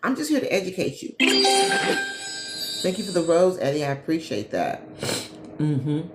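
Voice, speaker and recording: A deep-voiced woman from Gary, Indiana hosts a live travel talk show, chatting casually at normal speed over loud music. As a travel agent and business coach, she's animated and warm, addressing viewers directly as "y'all" in an echoey room with faint ambience.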